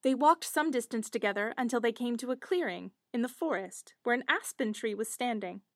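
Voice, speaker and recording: Brief: woman storyteller, high and very animated, dry close sound. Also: a little fast, dry recording. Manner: expressive, lively storytelling. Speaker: narrator. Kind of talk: storybook narration.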